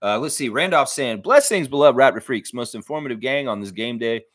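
Animated man hosting a fan livestream. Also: mid-range voice, fairly quick, no room sound, studio quality. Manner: animated, jokey, puts on voices mid-sentence. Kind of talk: casual livestream chat reading comments.

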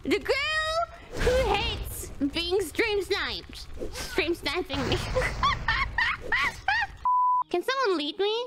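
A woman streaming a game, talking excitedly, laughing often and swearing casually as she plays. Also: very high-pitched, heavy background noise. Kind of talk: gaming livestream commentary. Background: game music.

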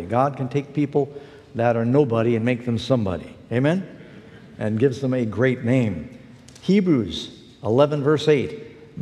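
Folksy preacher in a reverberant hall. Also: male voice, medium pitch, normal speed, a little mellow. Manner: storytelling, folksy, emphatic. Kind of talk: broadcast sermon.

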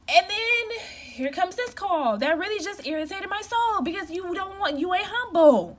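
A woman's voice: very high-pitched, lively intonation, normal speed, few pauses, slight background noise. A young woman who works in customer care, talking from home in a direct, emphatic, venting way. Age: young adult. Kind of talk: casual rant to camera.

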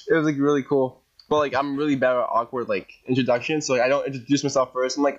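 Excitable guy rambling with lots of "like", mid pitch, kinda muffled lo-fi sound. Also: fast. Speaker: podcast co-host. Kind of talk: casual chat.

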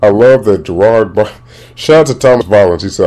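A man's voice: lowish voice, quick pace, darkish tone. A man hosting a podcast, giving casual, rambling movie commentary full of restarts and slang. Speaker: podcast host.

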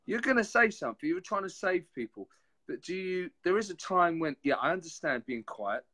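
A man's voice: high-pitched, expressive, fairly quick, pushed and bright, husky. A man co-hosting a casual motivational chat, earnest and a bit rambling. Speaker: co-host.

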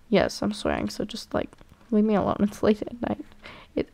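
Sarcastic gravelly-voiced woman gaming. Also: mid-range voice, normal speed, few pauses, a little mellow. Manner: sarcastic and playful, swears at characters. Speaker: gameplay commentator. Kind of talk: casual game commentary, reading character lines aloud.

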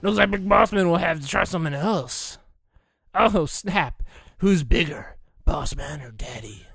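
A young man doing a jokey, excitable commentary over a video game, bursting into mock announcer shouts. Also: fairly high pitch, unhurried, creaky, breathy edge, no echo. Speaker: let's play gamer. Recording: dry close recording.

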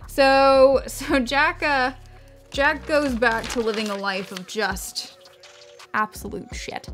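A woman's voice: mid-range voice, a bit bright. Chatty woman storyteller, rambling aside. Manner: rambling, chatty, self-interrupting, swears freely. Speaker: beauty vlogger. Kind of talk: casual storytelling while doing makeup.

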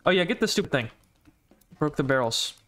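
A young man playing a game with a friend, chatting casually, swearing and yelling in mock outrage. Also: a little high, animated. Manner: loud, swearing, quick to yell in mock outrage. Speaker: gaming channel host. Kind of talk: casual co-op gameplay banter.

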